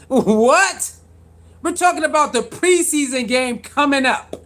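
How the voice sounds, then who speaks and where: A man with an unusually high voice hosts a live sports talk stream and argues straight at his chat. His speech is casual and slangy, and he keeps pressing the same pointed questions over and over. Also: animated, takes it slowly, a bit bright. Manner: argumentative, repeats pointed rhetorical questions. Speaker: sports talk show host.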